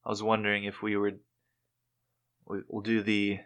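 Low flat-voiced man chatting. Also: normal speed, smooth. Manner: low-key, laid-back, chiming in. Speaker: podcast co-host. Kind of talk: casual chat.

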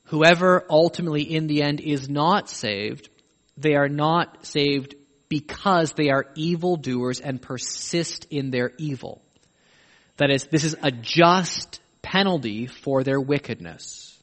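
High-voiced preacher in an echoey hall. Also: male voice, takes it slowly, a bit bright. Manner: emphatic, pleading questions to the listener. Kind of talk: sermon. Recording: echoey hall with long reverb.

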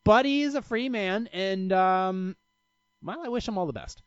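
A man's voice: sits high, normal speed, clear, resonant tone, dry recording. A man hosting a casual solo podcast, telling rambling stories full of profanity and restarts. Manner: rambling, profane, self-interrupting storyteller. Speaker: podcast host. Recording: dry, slightly dull lo-fi sound.

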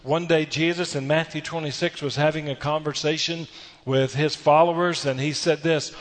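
A man's voice: fairly high pitch, steady tone, normal speed, in a large hall. A man preaching a sermon, exhorting earnestly with repeated phrases and rhetorical questions. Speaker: pastor.

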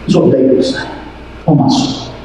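A male pastor preaching a sermon to his congregation, with emphatic, drawn-out phrases and frequent calls for them to listen. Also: background noise. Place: large church hall. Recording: echoey hall from far off.

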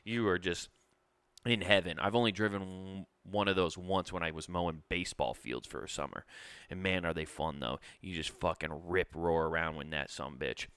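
Young guy on a podcast, rambly and cussing, bright clear voice, dry sound. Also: low voice, moderate pace, dry recording. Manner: laid-back, profane, rambling with many restarts. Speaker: podcast host. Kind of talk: casual storytelling monologue.

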